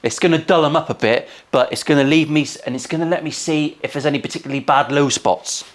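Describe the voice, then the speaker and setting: A man's voice: fairly high pitch, fast talker. A man in his forties, a luthier giving casual workshop commentary full of cheeky, crude, sweary asides. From England. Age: 40s. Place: guitar workshop.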